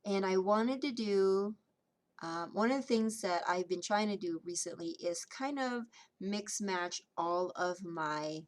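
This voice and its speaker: A woman vlogger casually narrating her scrapbook layout process, chatty and relaxed with frequent ums. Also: mid-range voice, a little slow.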